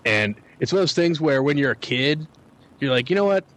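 A man's voice: mid-range voice, normal speed. A man casually reminiscing about childhood in a podcast chat, hesitant and laid-back. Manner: relaxed, hesitant reminiscing with fillers. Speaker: podcast co-host.

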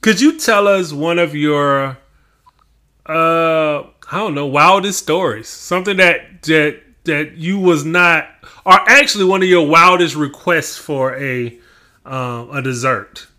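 A man's voice: on the high side, takes it slowly, sharp tone. A man hosting a podcast, asking rambling, casual questions with many fillers and restarts. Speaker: podcast host. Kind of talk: casual interview chat.

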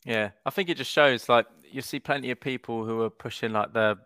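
A man co-hosting a podcast, speaking in a measured, reflective way during a casual chat. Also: mid-range voice, a bit bright, smooth, no echo. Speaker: podcast co-host.

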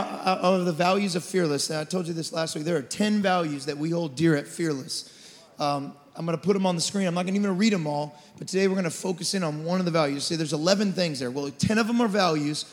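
A man in his forties preaching a sermon as lead pastor, passionate, swinging from shouted declarations to quiet storytelling. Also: on the high side. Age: 40s. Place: church auditorium. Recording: church hall reverb.

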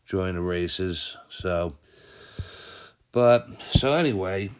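A low, smooth male voice moves slowly as this podcast host goes over sports results and news. His casual delivery rambles, he thinks out loud, and he regularly corrects himself.

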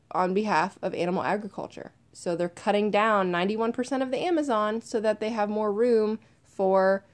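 A young woman talks straight to her listeners in a loose, chatty podcast monologue. Her voice sits at an ordinary middle pitch, and she is animated and informal, with the odd swear word. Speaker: podcast host. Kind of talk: casual solo podcast monologue.

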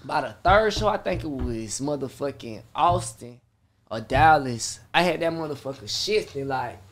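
A young man, a performing artist, telling stories in a casual interview chat, animated and profane, acting out his own reactions. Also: mid-range voice, moderate pace.

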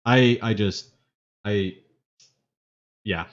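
A man's voice: on the low side, drawn-out words. A man co-hosting a casual podcast chat, rambling and playful, who hums and fills time when left alone. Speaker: podcast co-host. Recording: dull lo-fi sound.

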